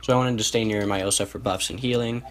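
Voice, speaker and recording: A man's voice: lowish voice, steady tone, fast talker, fairly bright tone. A young man casually commentating a replay of his own match, thinking aloud and correcting himself as he goes. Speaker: gameplay commentator. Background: music.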